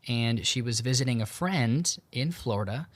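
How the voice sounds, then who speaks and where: A young man hosts a podcast from home in Tucson, retelling a story in a relaxed, casual way full of fillers and quoted dialogue. His voice is mid-range at a normal speed, and the recording is dry.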